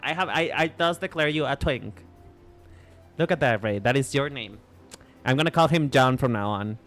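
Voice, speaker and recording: A man's voice: medium pitch, animated, normal speed, fairly bright tone, faint music behind. A man chatting casually to his viewers while livestreaming a game, playful and teasing, often repeating and restarting his words. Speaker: VTuber streamer.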